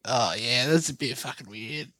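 A man hosting a podcast, with relaxed, sweary banter as he runs the show plugs. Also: mid-range voice, moderate pace, no room sound. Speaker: podcast host. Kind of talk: casual podcast chat.

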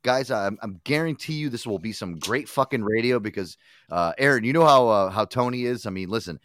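A man's voice: mid-range voice, brisk, dry recording, clean studio sound. A man hosting a casual radio talk show, rambling and swearing as he hypes up a guest. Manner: profane, rambling, excitable promoter talk. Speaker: host.

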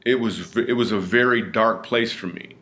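Low-voiced man telling an earnest story. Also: normal speed, a bit bright. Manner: earnest and vivid, with frequent restarts and repetitions. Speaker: comedian guest. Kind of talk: personal storytelling in a podcast interview.

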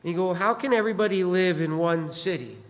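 A man's voice: high-pitched, lively intonation, fast talker, long reverb tail. A man preaching a sermon as pastor, conversational and joking, asking the congregation questions.

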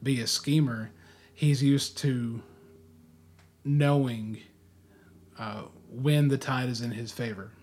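A man co-hosting a casual podcast discussion, with a voice of ordinary middle pitch. He speaks in a measured, reflective way. He often hesitates with "uh" while he works out his point. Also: steady tone, a little mellow. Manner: thoughtful, hesitant with "uh" fillers. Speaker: podcast co-host.

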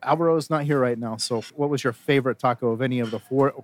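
A male co-host with a mid-range voice, eager and joking as he talks about his food. His chat stays loose and lively. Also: medium pitch, fast talker. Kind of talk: casual chat.

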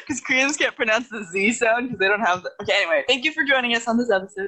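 A man's voice: very high voice, rapid-fire, hardly any pauses, pushed and bright, poor audio. A man co-hosting a podcast in casual chat, rambling with lots of fillers and frequent laughs. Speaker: podcast co-host.

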